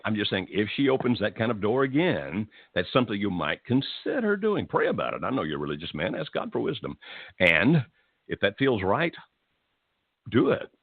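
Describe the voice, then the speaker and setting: Deep, husky call-in advice host. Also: male voice, big pitch swings, normal speed, dry recording, narrow, tinny audio. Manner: gentle, reassuring, calls people "my friend". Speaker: radio call-in host giving marriage advice. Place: Tennessee.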